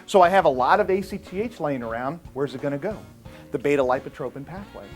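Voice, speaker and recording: A man's voice: a little high, animated, fast talker, soft background music. A man giving a classroom lecture on physiology, posing rhetorical questions.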